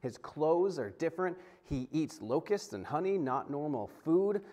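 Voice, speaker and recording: A man's voice: fairly high pitch, a little slow. A man, a pastor, preaching a sermon in a conversational way, often stumbling and restarting and acting out quotes. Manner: conversational, animated, frequent restarts and acted-out quotes.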